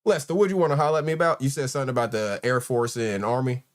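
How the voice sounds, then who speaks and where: A man's voice: mid-range voice, steady tone, rapid-fire, a little hiss or hum. Laid-back man hosting a live chat. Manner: laid-back, greets chat members one by one. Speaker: host. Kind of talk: casual live-stream chat.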